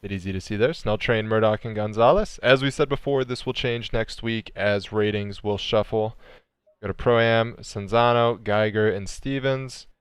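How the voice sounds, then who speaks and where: A man's voice: lowish voice, normal speed, clear, resonant tone, dry recording. A man, commentating an online sim race and bantering playfully with co-hosts.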